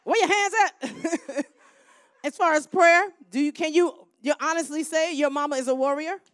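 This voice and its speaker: High, bright-voiced woman minister preaching. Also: measured pace, no room sound, clean studio sound. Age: middle-aged. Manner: preaching with rising shouts and call-and-response. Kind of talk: sermon.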